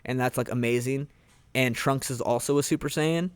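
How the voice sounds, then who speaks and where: A man hosting a casual review podcast. He rambles excitedly through a story recap with plenty of filler words. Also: mid-range voice, normal speed, smooth, no echo. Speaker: podcast host reviewing anime. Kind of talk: casual chat.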